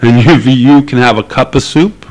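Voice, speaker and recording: A man's voice: medium pitch, normal speed, a little mellow, low-quality recording. A man being interviewed, talking casually and hesitantly with many fillers and dry laughs. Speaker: activist interviewee.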